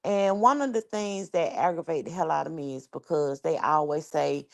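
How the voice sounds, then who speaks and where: Brash New York woman, gravelly voice. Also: deep voice, moderate pace, hardly any pauses. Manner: brash, chatty, profane. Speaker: live stream host. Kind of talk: casual live chat.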